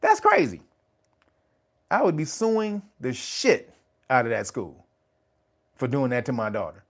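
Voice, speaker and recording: A man's voice: mid-range voice, huge pitch swings, unhurried. A man hosting his own channel, giving casual, profane commentary and laughing often as he tells stories. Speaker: channel host.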